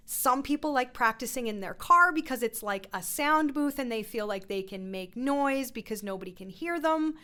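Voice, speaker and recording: Bright-voiced playful vocal coach woman. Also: a little high, expressive, moderate pace, hardly any pauses. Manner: encouraging, playful; instructive. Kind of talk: voice lesson.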